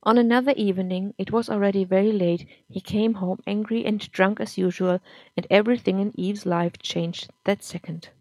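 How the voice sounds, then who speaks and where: A woman's voice: medium pitch, fairly even intonation, moderate pace, darkish tone, no room sound. Woman reading a somber story. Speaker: narrator. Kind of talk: audiobook-style story reading.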